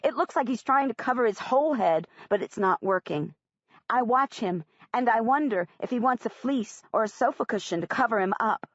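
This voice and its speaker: Expressive woman audiobook narrator. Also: on the high side, normal speed, no echo. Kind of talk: first-person audiobook narration. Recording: dry, slightly muffled audiobook recording.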